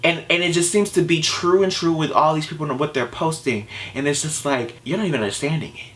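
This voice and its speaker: A man's voice: fairly high pitch, fairly quick, fairly bright tone. A man talking straight to camera in a vlog, passionate and exasperated, firing off rhetorical questions. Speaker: vlogger. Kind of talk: opinion vlog rant.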